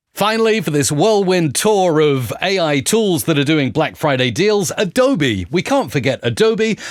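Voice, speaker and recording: A man hosting a tech channel, walking viewers through software on screen in an upbeat presenter tone. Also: medium pitch, dry recording, clean studio sound. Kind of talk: screen-recorded software walkthrough.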